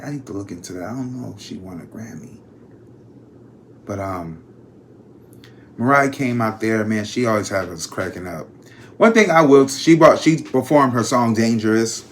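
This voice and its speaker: Man, casual gossip vlog, slangy, chatty, mid-pitched voice, faint background hiss. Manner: chatty, slangy, talks straight to viewers. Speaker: psychic channel host.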